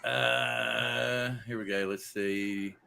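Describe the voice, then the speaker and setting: A man's voice: mid-range voice, steady tone, drawn-out words, vocal fry, pushed and bright, slight background noise. A man hosting a casual group show, telling a long joke in a rambling, folksy way. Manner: rambling, folksy storyteller with lots of fillers. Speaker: podcast host.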